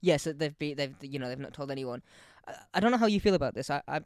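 A man, co-hosting a casual podcast chat, animated and quick to laugh. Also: on the high side, clear, resonant tone, no echo, studio quality. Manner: chatty, animated, laughs a lot. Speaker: podcast co-host.

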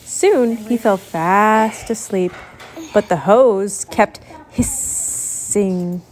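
A woman reading a picture book aloud, expressive and doing sound effects while explaining to a child. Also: mid-range voice, drawn-out words, slight background noise. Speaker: storybook reader.

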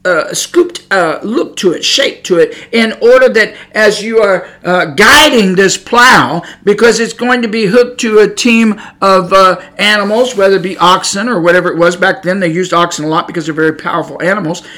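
A man teaching scripture in a loose, rambling way, with a high, bright voice. He stumbles and restarts often, then climbs into forceful shouts to hammer home a point. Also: normal speed, hardly any pauses. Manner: rambling, stumbles over words, rising to shouts for emphasis. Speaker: preacher. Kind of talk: informal Bible teaching.

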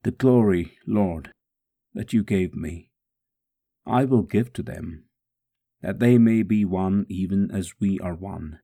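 A slow, gravelly man voicing a suffering savior, praying with steady tenderness while in pain. The voice is husky and worn, each phrase measured and solemn. A devotional first-person dramatic reading. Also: low-pitched, heavily acted.

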